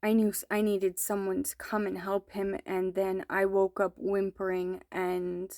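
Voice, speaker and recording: A mother slowly and earnestly recounting a troubling dream, with hesitant pauses. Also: medium pitch, completely flat delivery, darkish tone, no room sound, studio quality. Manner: slow, earnest, hesitant storytelling. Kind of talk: personal testimony.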